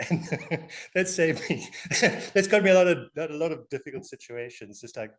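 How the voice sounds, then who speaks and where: A man's voice: on the high side, a little slow. Chuckling older man with a South African English accent. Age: 60s. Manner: animated, chuckling storyteller. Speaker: alumnus. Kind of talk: casual storytelling interview.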